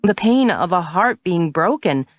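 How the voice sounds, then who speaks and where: A woman narrating a romance audiobook in an expressive reading. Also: fairly low pitch, measured pace, no echo, faint music behind.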